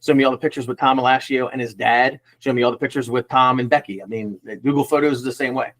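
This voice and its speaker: A man's voice: mid-range voice, fairly even intonation, fast talker, a bit bright. A man in a casual panel chat over a video call, defending his points insistently. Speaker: panel guest.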